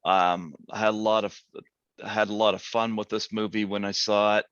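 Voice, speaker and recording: A man hosting a casual interview, chatty and quick to laugh, with lots of fillers. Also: on the low side, little pitch movement, a bit bright, clean tone, no echo. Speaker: podcast host. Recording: dull lo-fi dry sound.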